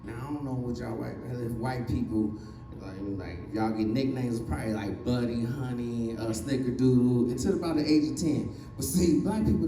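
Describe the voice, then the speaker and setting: A man's voice: on the high side, darkish tone, echoey room, recorded from a distance, low-quality recording. A man in his forties doing a stand-up comedy set, telling family stories and acting out his relatives' voices. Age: 40s. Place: comedy stage.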